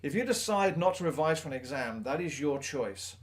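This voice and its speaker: A man's voice: on the high side, lively intonation, brisk. A man, a teacher giving an earnest, emphatic motivational talk to the camera, with self-mocking asides.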